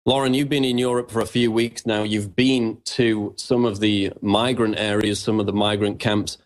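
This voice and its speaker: Brisk man hosting talk radio. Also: lowish voice, flat delivery. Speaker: guest host.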